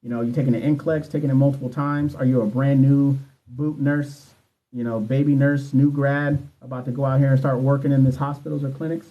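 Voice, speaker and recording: A man's voice: medium pitch, flat delivery, fairly quick, highs cut off. A man in his thirties, a nursing exam coach, chatting casually and profanely on a livestream while answering viewer questions. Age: 30s. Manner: candid, profane, talks straight to viewers. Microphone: phone livestream.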